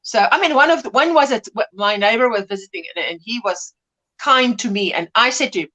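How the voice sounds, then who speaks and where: High-voiced chatty woman in her fifties. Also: animated, brisk, pushed and bright, lo-fi sound. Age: 50s. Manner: chatty, laughs often, drifts between greetings and stories. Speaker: livestream host. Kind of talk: casual chat reading viewer comments.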